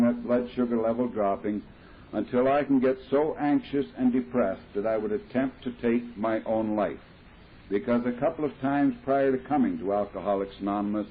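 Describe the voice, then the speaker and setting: A man's voice: lowish voice, slight background noise. A man telling his story at a recovery meeting, talking plainly and explaining things with homely comparisons. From Midwestern United States. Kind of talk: personal talk at a recovery meeting. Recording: tinny 1970s tape of a talk.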